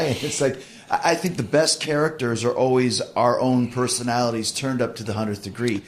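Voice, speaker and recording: A man in his fifties hosting a podcast, asking questions in a relaxed, conversational way. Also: medium pitch, fairly quick, hardly any pauses. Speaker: podcast host, interviewer. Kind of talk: casual podcast interview.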